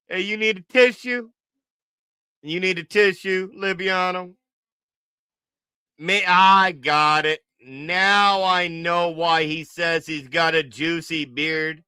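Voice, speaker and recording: A man's voice: sits high, steady tone, sharp tone, smooth, dry recording, clean studio sound. A man hosting a livestream, giving casual mocking reaction commentary and teasing with repeated jokes. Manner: teasing, joking, drawn-out repetition. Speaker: livestream host.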